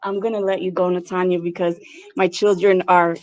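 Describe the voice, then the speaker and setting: A woman's voice: fairly low pitch, level tone, a little fast, a little mellow, no echo, rough recording. A woman caller from New York on a live stream. She halts and searches for her words, sounds grateful, and is heard close and dry. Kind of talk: casual call-in chat.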